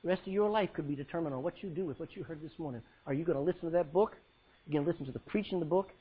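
A male pastor preaching a sermon, swinging between loud cries and hushed words as he quotes scripture in old-fashioned style. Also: fairly high pitch, rapid-fire, slightly rough, phone-quality sound.

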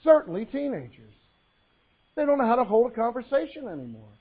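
A man with a notably high voice delivers a sermon, mixing folksy joke stories with scripture readings. The sound is thin and narrow, like it was captured over a phone line. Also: big pitch swings, a little fast, slightly rough. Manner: folksy storytelling with jokes and Bible reading. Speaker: pastor.

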